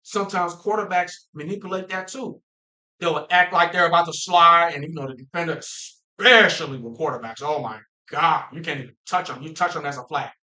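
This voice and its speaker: A man from Minnesota hosting a casual football talk stream, animated and playful, laughing often and using slang. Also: fairly high pitch, brisk, rough recording. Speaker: football talk show host. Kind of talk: casual livestream chat.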